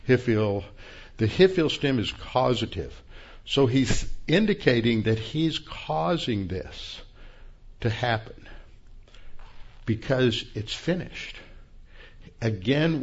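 A man's voice: on the low side, breathy edge, highs cut off. A man preaching an expository sermon, working methodically through Bible verses and the Greek and Hebrew terms behind them. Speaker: pastor.

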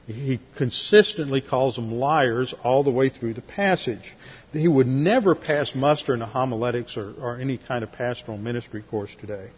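A man's voice: mid-range voice, normal speed, slightly rough. A man teaching a Bible class in a methodical way, walking through verses with dry asides, in a church sanctuary. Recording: lo-fi recording, long hall reverb.

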